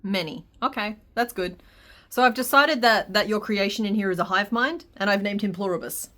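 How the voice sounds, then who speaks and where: Playful bright-voiced woman crafter. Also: mid-range voice, normal speed. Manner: playful, giggly, teasing. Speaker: crochet video host. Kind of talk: casual chat.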